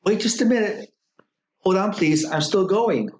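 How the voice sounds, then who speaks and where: A man's voice: high voice, animated, takes it slowly, pitched above the performer's own voice. A frightened young boy monk begs and stalls in a raised, panicky voice, as a man acts him out. He sounds small and desperate, like a character in a spooky folktale read aloud. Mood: panicked. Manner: panicky pleading.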